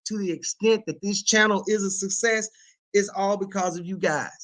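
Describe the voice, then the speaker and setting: This is a woman at a medium pitch and normal speed, hosting a relaxed livestream where she reads comments from viewers. Her chatter is lively and colloquial, with plenty of laughter and repetition. The audio is poor.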